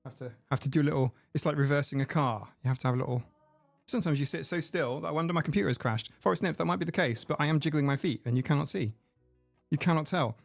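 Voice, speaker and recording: A man's voice: a little high, fast, gravelly, no room sound, faint music behind. Chatty man, dry close mic. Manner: chatty, rambling, laughs often at own jokes. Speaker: livestream host. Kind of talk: casual live stream chat. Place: home room. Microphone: desk mic with mixer.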